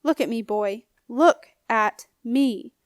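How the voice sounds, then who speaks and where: Lady doing a sneery old ghost man, growly and snappy, kinda high voice, dry close sound. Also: normal speed, no echo, lightly acted. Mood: menacing. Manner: sneering, bullying. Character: scornful old male ghost scribe, menacing. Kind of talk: audiobook character reading.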